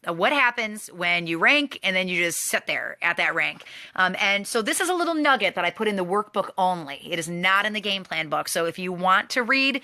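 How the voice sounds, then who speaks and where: A woman giving a motivational training talk, emphatic and energetic, repeating key phrases. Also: fairly low pitch, fairly quick. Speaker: network marketing trainer.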